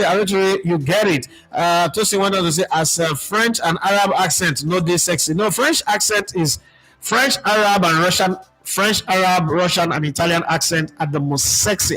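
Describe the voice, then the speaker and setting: A football show host with a Nigerian accent chats casually on his live stream, reading out what viewers write and switching between Pidgin and English. His voice is high and a bit bright, and the recording is low quality.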